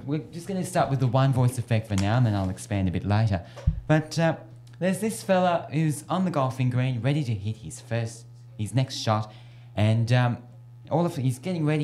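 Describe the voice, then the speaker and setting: A man's voice: medium pitch, warm tone. A man hosting a radio show, telling jokes in a playful, giggly way. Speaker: radio host. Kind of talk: casual radio chat and joke telling.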